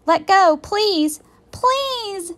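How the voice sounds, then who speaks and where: An eager little girl from a children's storybook, as a teacher reading aloud puts her on. Her voice sits high and bright, jumping up when she gets excited. She talks slowly and clearly for young listeners. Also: full character voice. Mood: alarmed.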